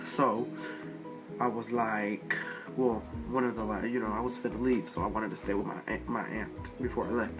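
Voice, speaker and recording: A man's voice: on the low side, moderate pace, over music. A man casually telling a rambling, profane storytime about a fight at home. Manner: profane, rambling, animated retelling. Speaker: storyteller vlogger.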